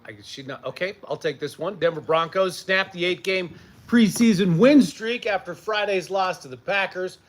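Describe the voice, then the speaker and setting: A man's voice: high-pitched, normal speed. A man co-anchoring a morning TV news show, reading news items and giving dry, laid-back replies in banter.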